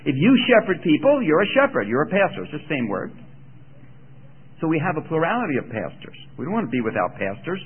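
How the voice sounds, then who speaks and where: A man preaches a teaching sermon, chatty and fond of questions to his listeners. His voice is slightly raised and swings widely in pitch. It comes through husky and thin, like an old radio broadcast. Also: very animated, quick pace, phone-quality sound. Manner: conversational, asks the audience questions.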